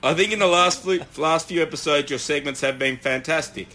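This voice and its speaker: Man, bright and forceful tone, deadpan mock compliments for friends on a podcast. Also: fairly high pitch, brisk, a little hiss or hum. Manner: dry mock-praise, teasing. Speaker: podcast co-host. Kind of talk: casual roasting banter.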